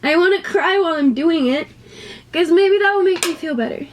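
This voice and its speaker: Young woman vlogger, high voice, scared and cussing, pep-talking herself on a camera mic at home. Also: fairly quick. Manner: nervous, swearing, talking herself into it. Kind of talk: casual vlog talking to camera. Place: home utility space by a water heater.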